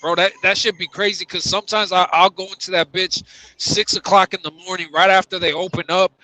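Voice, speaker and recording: A man telling animated, profane stories in casual chat. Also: high voice, fairly quick, rough recording.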